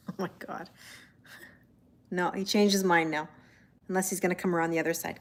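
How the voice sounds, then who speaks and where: A chatty woman hosts a live tarot stream from home, answering viewers' comments in a relaxed, casual way. She keeps breaking off to coax her cats in a soft, high, sing-song voice. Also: normal speed, pauses often. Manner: coos softly to her cats in a high baby-talk voice. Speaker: tarot reader hosting a livestream.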